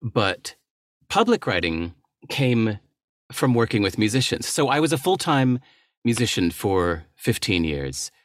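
A man's voice: fairly low pitch, big pitch swings, measured pace, no echo, studio quality. A middle-aged man, a writer and entrepreneur, talking candidly and thoughtfully as a guest on a podcast. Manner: thoughtful, candid, with small laughs and restarts. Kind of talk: reflective interview talk.

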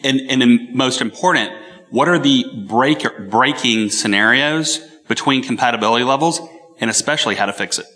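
A man's voice: medium pitch, moderate pace, bright, forceful tone, soft background music. A man on a conference panel giving step-by-step advice. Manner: explanatory, advising. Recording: reverberant conference hall.

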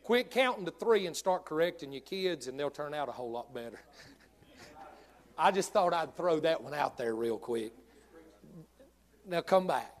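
A male pastor preaching a sermon, telling humorous stories in an animated way. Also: a little high, unhurried, long pauses.

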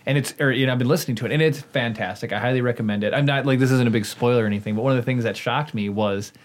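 A man's voice: mid-range voice, racing. A man hosting a podcast in casual chat, telling stories with animation and laughing often.

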